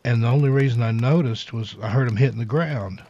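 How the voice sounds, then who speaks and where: A man hosting, recalling an outdoor experience in a relaxed, rambling way. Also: medium pitch, brisk. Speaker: host. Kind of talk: casual spoken story. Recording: dull lo-fi audio with faint hiss.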